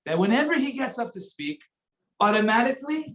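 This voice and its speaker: A man's voice: very high voice, expressive, fast talker, a bit bright, reverberant, rough recording. A man giving a conversational sermon in a synagogue, mixing in Hebrew terms as he tells a story. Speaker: rabbi.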